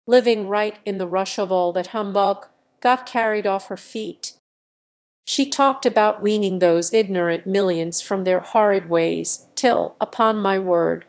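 A woman narrating a classic novel for an audiobook in a steady, measured reading. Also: medium pitch. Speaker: audiobook reader.

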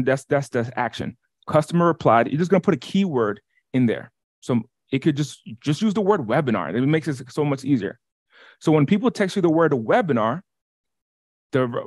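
Energetic man teaching a webinar. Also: medium pitch, no room sound, studio quality. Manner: energetic, repeats words, quick restarts. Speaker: workshop co-host. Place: lives in Las Vegas.

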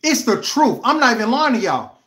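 A man hosting a casual livestream from his home kitchen, tasting his own cooking with excited exclamations and long drawn-out mm's. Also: very high-pitched, echoey room. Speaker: home cook livestream host.

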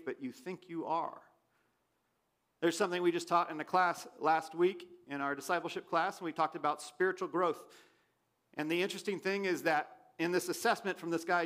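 High-voiced animated man preaching a sermon. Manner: animated, rising to loud questions, dropping to quiet asides. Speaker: pastor. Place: church sanctuary.

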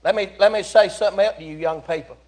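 A man preaches in a church, his voice sitting fairly high for a man. He tells the story in a folksy, animated way, swinging from loud calls to hushed asides. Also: fast. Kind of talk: sermon. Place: church sanctuary.

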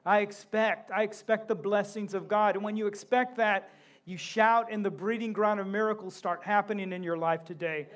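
A male pastor preaching a sermon in a church, impassioned, breaking into shouts and joking asides. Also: sits high, steady tone, normal speed. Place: church sanctuary.

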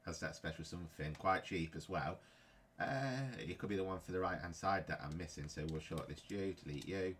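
A man's voice: low-pitched, steady tone, brisk, hardly any pauses, fairly bright tone, slight background noise. A man playing a football game and commenting casually, often frustrated and grumbling. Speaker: gaming YouTuber.

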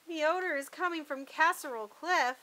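A woman's voice: high voice, a little fast, sharp tone, pitched above the performer's own voice. A woman voicing an anxious, bumbling male food inspector in a read-aloud picture book. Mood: fretful. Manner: anxious, overexcited.

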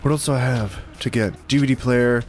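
A man giving casual commentary on a game, excitable and jumpy, swearing and laughing when startled, recorded at home on a desktop mic. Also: medium pitch, fairly quick. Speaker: let's play gamer. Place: room at home.

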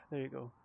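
A man's voice: medium pitch, gravelly, slight background noise. A tipsy man giving casual commentary while playing a VR game, swearing a lot with frustrated outbursts and mumbled asides. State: tipsy from drinking. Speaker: VR gamer.

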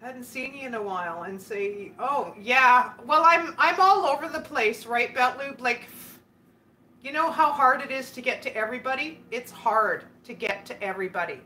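A woman's voice: a little high, normal speed, sharp tone, slight background noise. A woman hosting a casual live stream, chatting and giggling as she answers viewer comments. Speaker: livestream host.

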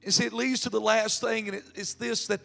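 Gravelly, high-voiced pastor preaching. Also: male voice, level tone, a little fast, faint music behind. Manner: candid, emotional preaching that swings from hushed to shouting. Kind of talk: sermon.

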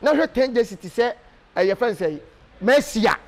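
A Ghanaian man giving an animated, emphatic casual interview, full of hesitation fillers. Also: high voice, normal speed. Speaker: interview guest.

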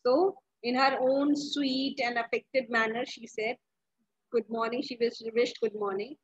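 A woman's voice: on the high side, steady tone, unhurried, breathy edge, lo-fi sound. A woman, a teacher explaining a story to her class, asking questions and often restarting her sentences. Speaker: English teacher.

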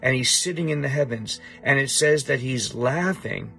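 A man's voice: mid-range voice, normal speed, creaky, bright, forceful tone, soft background music. A middle-aged man teaching a Bible passage to a student, emphatic and repeating his points.

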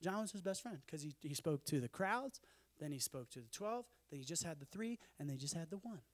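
A man speaking at a conference in an animated, conversational sermon style with jokey asides. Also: a little high, a little fast.

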